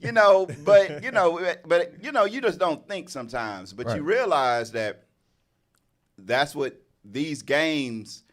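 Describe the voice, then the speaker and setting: Middle-aged male co-host, lively animated storyteller, casual discussion. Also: on the high side, unhurried. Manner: animated storytelling, acts out yelling. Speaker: show co-host.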